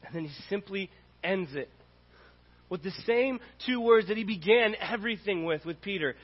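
A man's voice: sits high, lively intonation, moderate pace, husky. A man preaching a sermon as pastor, earnest and repetitive in his cadence. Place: church sanctuary. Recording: dull audio in a reverberant hall.

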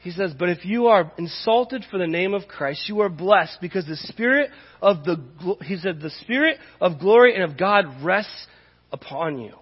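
A man's voice: high voice, animated, normal speed, husky. A man preaching a sermon as pastor, impassioned and conversational, with emphatic peaks. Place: church sanctuary. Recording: dull reverberant church hall.

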